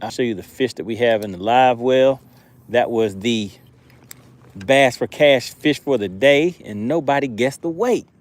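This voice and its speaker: A man runs a fishing livestream in an easygoing, chatty way. He reads viewer comments aloud and laughs often, in a voice of middling pitch. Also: measured pace. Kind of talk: casual live chat.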